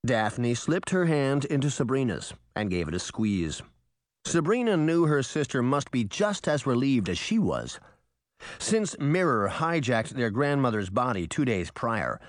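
Male audiobook narrator, lively storytelling, dead dry booth. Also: mid-range voice, measured pace, no echo. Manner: expressive storytelling. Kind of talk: scripted narration.

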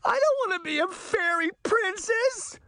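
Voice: lively intonation, bright, forceful tone, no room sound, clean studio sound, exaggerated voice. A reader voicing a wailing teenage fairy girl. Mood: distraught. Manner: sobbing, high and drawn-out. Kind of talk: audiobook reading.

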